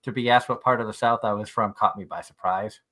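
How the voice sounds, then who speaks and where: A man's voice: fairly low pitch, steady tone, fast talker, pushed and bright. A man from near Boston with a Boston accent, co-hosting a casual chat and telling rambling stories. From Massachusetts, near Boston. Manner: chatty, rambling anecdotes with restarts. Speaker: podcast co-host.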